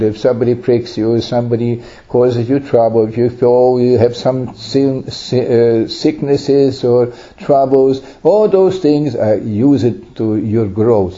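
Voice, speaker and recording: Earnest, mellow-voiced Orthodox priest preaching. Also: male voice, mid-range voice. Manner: earnest, pleading preaching with emphatic swells. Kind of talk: sermon. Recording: dull lo-fi recording.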